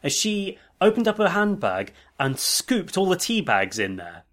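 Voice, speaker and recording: A man's voice: high voice, sing-song, measured pace, a bit bright. A man co-hosting a podcast, telling stories in a chatty way and often checking in with "right?". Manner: chatty, tags lines with "right?". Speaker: podcast co-host. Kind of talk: casual chat, storytelling.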